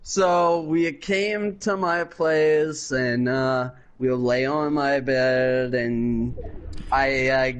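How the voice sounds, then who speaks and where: A man chatting casually over an online voice chat, telling a story in a halting way full of fillers and little laughs. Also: a little high. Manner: halting, lots of fillers and giggles. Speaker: guest friend telling a story.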